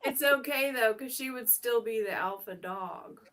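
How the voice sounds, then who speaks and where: A woman's voice: on the high side, normal speed, fairly bright tone. A woman chatting casually as a guest on a live stream, easygoing and joking. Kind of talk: casual chat.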